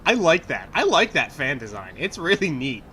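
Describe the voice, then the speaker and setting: A man's voice: a little high, very animated, normal speed, sharp tone, a little hiss or hum. A young man giving casual, rambling commentary while playing a video game, swearing and laughing as he goes. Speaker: let's play gamer.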